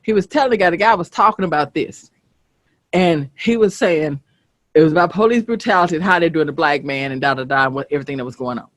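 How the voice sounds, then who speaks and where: A host from the American South, chatting casually, telling stories bluntly and swearing freely. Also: female voice, deep voice, fast talker, dry recording. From Southern United States. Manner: animated, blunt, swears freely, asks "you get what I'm saying". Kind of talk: casual storytelling chat. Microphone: streaming setup.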